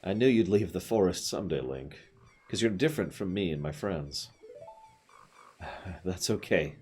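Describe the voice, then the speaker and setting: A man reading the lines of a gentle young forest girl saying goodbye, in a soft, quiet, wistful voice. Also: low-pitched, lively intonation, normal speed, slight background noise.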